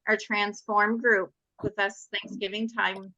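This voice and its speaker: Bright, upbeat woman on a lo-fi call. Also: medium pitch, little pitch movement, slow, dry recording. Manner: upbeat, enthusiastic explaining. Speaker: participant on a product call. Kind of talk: casual group call.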